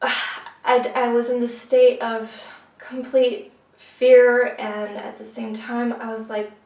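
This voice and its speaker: A woman speaks as a podcast guest, recounting her story in a halting, earnest way, with pauses, fillers and restarts. Her voice sits a little high. The mic is set back, and the room echoes around her. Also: level tone, dark tone. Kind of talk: personal story in conversation. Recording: roomy, distant mic.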